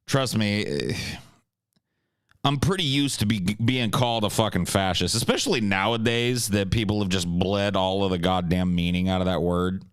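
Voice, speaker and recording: A man's voice: lowish voice, fairly bright tone, clean tone, no room sound, clean studio sound. A man hosting a livestream, chatting casually and reading viewer comments in a crude, profane, sarcastic way. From United States. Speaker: livestream host.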